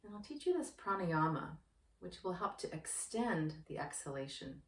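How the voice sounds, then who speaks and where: A woman who works as a yoga therapist, guiding a breathing practice in a slow, gentle, soothing manner. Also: fairly low pitch, sing-song. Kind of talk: guided breathing instruction. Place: indoor room with yoga mat. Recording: roomy, distant from the mic.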